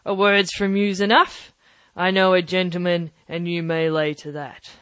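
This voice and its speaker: A woman putting on a wily one-legged pirate captain, cheery and persuasive. The storybook voice sits higher and louder than her narration. It is close and dry. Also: level tone, normal speed, no echo, close to an everyday voice. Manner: hearty, smooth-talking, persuasive. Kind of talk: audiobook character voice.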